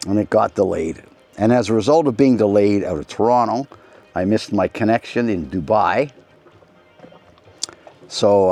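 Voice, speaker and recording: A man's voice: on the low side, darkish tone. A middle-aged man hosting a casual rambling monologue, telling anecdotes with frequent restarts and asides. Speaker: host.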